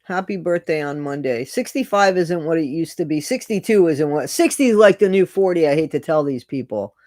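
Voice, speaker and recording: A man's voice: fairly high pitch, lively intonation, a little fast, a little mellow, no echo. A middle-aged man chatting casually with viewers on a live stream, greeting them by name and repeating his phrases.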